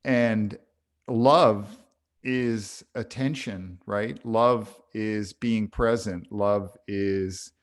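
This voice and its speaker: A man co-hosting a podcast, speaking slowly and thoughtfully about love and parenting. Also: lowish voice, fairly even intonation. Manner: slow, thoughtful, reflective. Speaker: podcast co-host. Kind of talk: reflective conversation.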